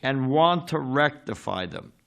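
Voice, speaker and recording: A man's voice: mid-range voice, expressive, a little slow, creaky, fairly bright tone. A man giving a scripture class in a temple, talking conversationally, asking his listeners questions and sometimes searching for words. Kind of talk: sermon. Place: temple hall.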